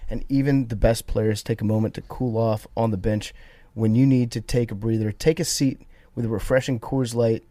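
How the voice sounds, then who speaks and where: A man's voice: medium pitch, dark tone, no echo. A man hosting a podcast, reading a sponsor ad in an easygoing, conversational way. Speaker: podcast host. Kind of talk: host-read ad.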